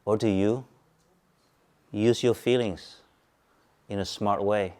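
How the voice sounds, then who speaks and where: A man teaching Buddhism at a Zen centre, speaking calmly, repeating points and asking his listeners questions. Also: on the low side, takes it slowly, long pauses. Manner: calm, repetitive, asks listeners questions. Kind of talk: Dharma talk to a group.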